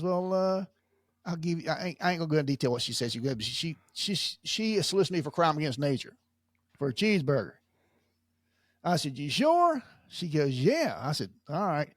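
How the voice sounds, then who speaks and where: A high-pitched man spins casual stories on a podcast, animated and laughing often. His voice sits close and dry on the mic, with no room around it. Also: dry recording. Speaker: podcast co-host, former police officer. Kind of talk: casual storytelling chat.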